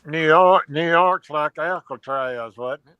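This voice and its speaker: A man's voice: on the high side, slow, clear, resonant tone, no room sound, lo-fi sound. A man chatting casually on a livestream, teasing the others in a friendly way. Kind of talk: casual chat.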